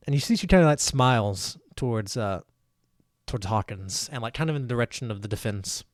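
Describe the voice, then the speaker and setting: A man's voice: mid-range voice, animated, a little fast, no echo, studio quality. A man narrating as game master in a casual, rambling way. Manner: casual, rambling, many fillers.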